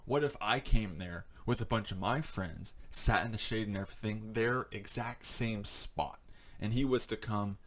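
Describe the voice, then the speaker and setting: A man delivers a heated, profanity-laden vlog rant in a fairly low voice. He rambles and stacks up fillers, still agitated and shaken. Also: moderate pace. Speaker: vlogger. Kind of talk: angry ranting monologue.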